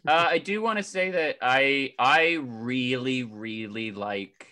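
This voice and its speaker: A man co-hosting a movie podcast in casual, animated chat, laughing often and slipping into silly voices. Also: mid-range voice, slow pace. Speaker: podcast co-host.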